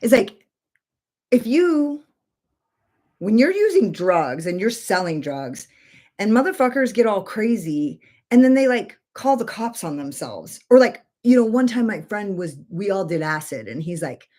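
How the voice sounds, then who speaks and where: A woman's voice: medium pitch, very animated, measured pace, mellow. Woman, 40s, makeup streamer; casual, rambling, profane chat from her bedroom. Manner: rambling, filler-heavy, swears freely. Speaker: makeup livestreamer.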